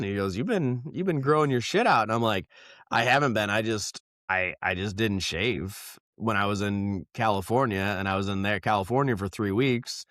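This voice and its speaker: A man's voice: fairly low pitch, fairly bright tone, no echo, clean studio sound. A man co-hosting a podcast, chatting casually in a rambling, profane way and laughing often. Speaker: podcast co-host. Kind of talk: casual banter. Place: South Carolina.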